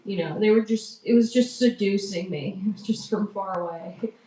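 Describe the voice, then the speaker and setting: A woman's voice: mid-range voice, moderate pace, warm tone, far from the mic. A woman from a small town in Massachusetts performing a stand-up comedy set. She is chatty and self-mocking, and she often laughs at her own jokes. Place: live comedy open mic venue. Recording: roomy live venue, voice from afar.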